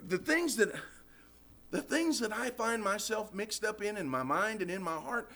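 A man preaching a sermon in a folksy, animated way, quoting scripture between plain talk. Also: sits high, normal speed.

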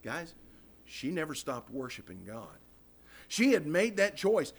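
A man's voice: on the high side, very animated, unhurried. A man preaching a sermon in church, impassioned, acting out prayers and calling the congregation "guys.".

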